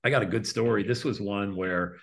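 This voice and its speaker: A man with a low voice telling a story in a casual interview. He talks in animated bursts: his voice rises sharply for the high points, then falls away softly as each phrase ends. He sounds like a practiced stage speaker. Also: brisk, vocal fry. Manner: lively storyteller, voice jumps up for punchlines then drops low; trails off quietly at the ends of phrases. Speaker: interview guest, speaker and coach.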